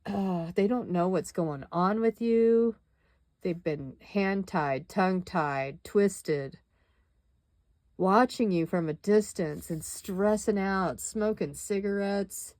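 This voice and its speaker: A woman's voice: mid-range voice, slow, darkish tone, no echo. A woman doing a tarot reading, musing and dramatic, with exclamations and sighs. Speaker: tarot reader.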